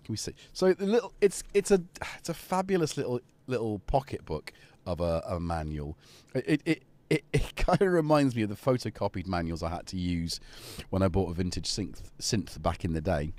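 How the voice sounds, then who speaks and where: Chatty male streamer, low-set voice with a swooping, lively delivery. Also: normal speed. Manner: rambling, chatty, talks to his cat and viewers. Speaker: live-stream host. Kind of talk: casual live-stream chat.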